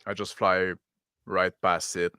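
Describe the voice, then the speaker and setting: Smooth-voiced man playing a pilot character. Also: low voice, level tone, slow pace, bright, forceful tone, no room sound, clean studio sound. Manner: casual, stop-start narration of his own actions. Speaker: player. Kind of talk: in-character tabletop role-play.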